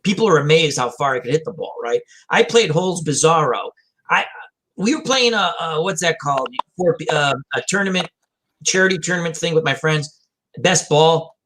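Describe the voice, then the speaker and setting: A man's voice: a little high, expressive, moderate pace, fairly bright tone. A man hosting a casual chat, rambling through self-deprecating stories. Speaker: host. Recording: faint background noise.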